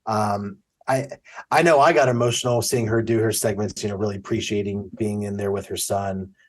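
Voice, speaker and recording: His voice is fairly low and steady, and he talks briskly. Co-hosting a podcast in relaxed conversation, he chats freely, performs quotes from the show, and admits he's an easy crier.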